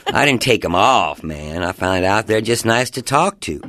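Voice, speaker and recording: Stuttering New man with gravelly voice. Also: lowish voice, expressive, normal speed, a bit bright, slight background noise. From New Jersey. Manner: heavy stutter, rambling and self-interrupting. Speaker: guest comedian. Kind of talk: casual interview chat.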